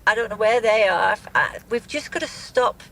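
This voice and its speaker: A middle-aged woman giving a live news interview as a grieving mother, speaking in a halting, shaken way with many restarts. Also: medium pitch, lively intonation, gravelly, a bit bright, slight background noise, poor audio.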